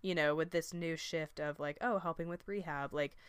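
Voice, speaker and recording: Smooth-voiced woman chatting casually. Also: low-pitched, moderate pace, no room sound, studio quality. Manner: chatty, animated, lots of fillers and acted-out quotes. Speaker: podcast co-host. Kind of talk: casual chat reviewing a movie.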